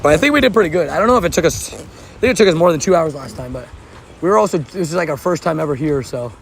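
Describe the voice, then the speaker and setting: Outdoors at a park by water, a sweaty, hot man live-streams and chats casually with his viewers, laughing often. His voice is a little high, animated, and creaky, racing along over faint outdoor background noise.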